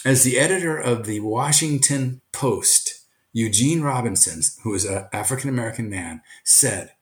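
An older retired teacher from Brooklyn, answering interview questions in an earnest, emphatic way. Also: male voice, medium pitch, normal speed. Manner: earnest, emphatic, animated storytelling. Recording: echoey room.

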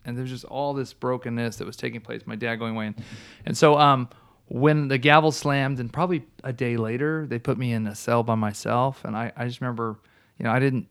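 In a smooth, medium-pitched voice that moves a little fast, a man relates his personal testimony casually. His storytelling is animated, full of restarts and laughter.

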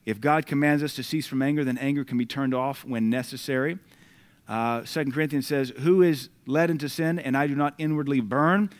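A man with an American accent delivers a sermon in a middle-pitched voice. He reads scripture with loud, emphatic bursts and then drops into relaxed, conversational asides aimed at the congregation. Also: fairly quick. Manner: conversational asides between readings. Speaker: preacher.

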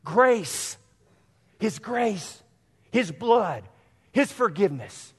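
Male pastor, sermon delivery, earnest and direct with his congregation, somewhat high voice, heard in a reverberant sanctuary. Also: very animated, very slow, husky. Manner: earnest, addresses congregation directly, repeats phrases for emphasis. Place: church sanctuary. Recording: long hall reverb.

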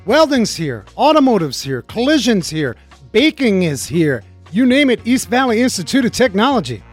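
A man hosting a car talk radio show, joking in an energetic, talkative way. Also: high voice, normal speed, faint music behind. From Arizona.

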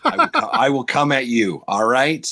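A Canadian man co-hosting a podcast in casual banter, given to animated mock-outraged rants. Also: medium pitch, normal speed. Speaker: podcast co-host.

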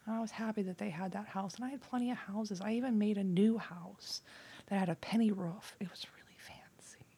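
Husky, profane chatty woman. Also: mid-range voice, a little fast. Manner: chatty, profane, drifts between loud bursts and near-whispers. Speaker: vlogger. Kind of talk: casual rambling monologue.

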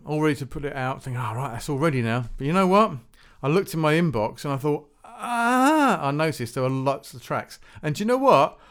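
A man's voice: medium pitch, clear, resonant tone. A man hosting his own music podcast, chatting casually and rambling with fillers and restarts. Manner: rambling, self-deprecating, many fillers and restarts. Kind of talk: casual solo podcast chat.

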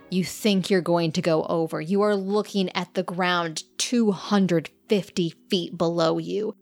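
A woman game master narrating a tabletop game in a measured, descriptive way. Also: fairly low pitch, gravelly. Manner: measured, descriptive scene-setting.

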